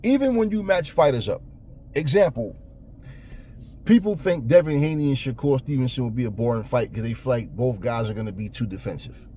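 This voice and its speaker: A man's voice: medium pitch, animated, brisk, mellow, slight background noise. A man ranting bluntly about boxing in casual talk, cursing often and stumbling over repeated words. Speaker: boxing commentator. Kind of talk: casual opinion rant.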